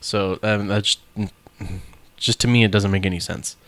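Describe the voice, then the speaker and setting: A man's voice: on the low side, moderate pace. A young man co-hosting a casual podcast chat, swearing freely and telling stories with quoted voices. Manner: profane, animated storytelling with quoted voices. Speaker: podcast co-host.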